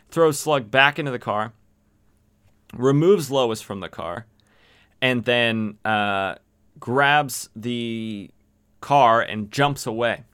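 A man's voice: medium pitch, a bit bright, smooth. A man hosting a podcast, casually recapping an old comic with rambling, joking asides and lots of fillers. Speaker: podcast host.

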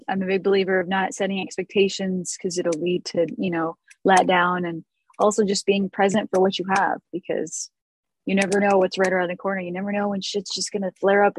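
A woman hosting a casual chat, relaxed and talkative, with a bit of casual swearing. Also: mid-range voice, a little hiss or hum, rough recording. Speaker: host, hair stylist.

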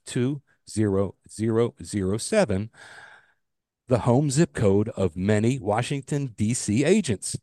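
A man's voice: mid-range voice, mellow, no room sound, studio quality. A middle-aged man co-hosting a casual podcast, telling stories and jokes in a loose, joking way with the odd swear. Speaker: podcast co-host. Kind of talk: casual chat.

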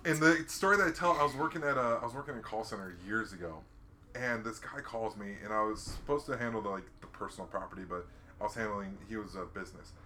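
A man's voice: on the low side, quick pace, slight background noise. A man in casual podcast chat, telling stories animatedly and acting out the people in them. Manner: animated storyteller, acts out callers with a raised voice.

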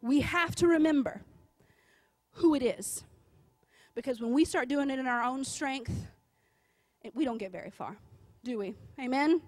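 A woman with a high voice delivers a lively sermon. She tells a story in a conversational way, often asking "right?", then rises into emphatic, repeated declarations. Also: a little slow, long pauses. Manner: rising, emphatic preaching. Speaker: preacher.

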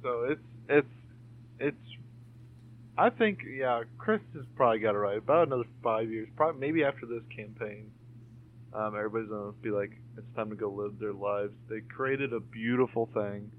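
A man's voice: lowish voice, normal speed, a little hiss or hum. A man co-hosting a podcast, chatting casually and rambling with lots of fillers and the odd swear. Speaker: podcast co-host. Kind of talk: casual chat. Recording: tinny phone-like call audio.

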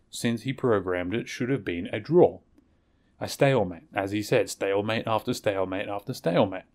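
A man's voice: on the low side, a little mellow. A man hosting a podcast, recapping a television episode in a rambling, conversational way and correcting himself as he goes. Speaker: podcast host.

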